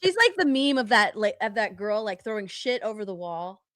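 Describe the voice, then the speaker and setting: A woman's voice: medium pitch, sing-song, normal speed, fairly bright tone. A woman co-hosting a casual livestream, sarcastic and dismissive as she comments. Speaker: co-host.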